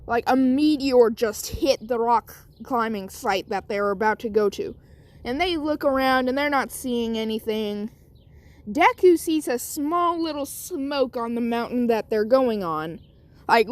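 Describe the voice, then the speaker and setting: A woman casually telling an improvised story, rambling with lots of asides. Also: on the high side. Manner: rambling, many fillers and asides.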